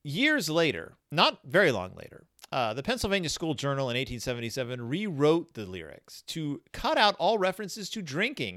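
A man hosts a podcast in loose, casual chat, rambling from point to point and poking fun at himself. His pitch swings up and down as he talks, with lots of fillers and restarts. The sound is dry and close, with no room around it. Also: huge pitch swings, fairly quick, few pauses, a bit bright, no room sound. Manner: rambling, self-deprecating, with many fillers and restarts. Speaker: podcast host.

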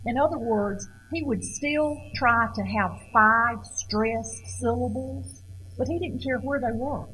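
A middle-aged woman giving an informal lecture on poetry, halting and repeating words as she questions her audience. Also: fairly high pitch, a bit bright, faint music behind, rough recording.

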